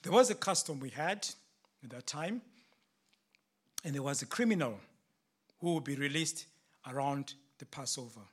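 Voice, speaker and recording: A preacher voicing Pilate in a first-person sermon monologue, theatrical and rising to loud indignant outbursts. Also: male voice, mid-range voice, animated, moderate pace, pauses often, husky, pitched below the performer's own voice. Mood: recounting. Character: Roman governor Pilate, a frustrated, defensive man. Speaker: preacher in character.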